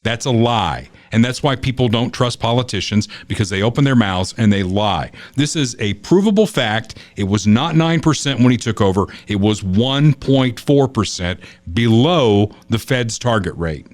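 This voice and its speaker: A man's voice: medium pitch, expressive, normal speed, few pauses, dry recording. A man hosting a political talk podcast, emphatic and opinionated in his commentary. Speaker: podcast host.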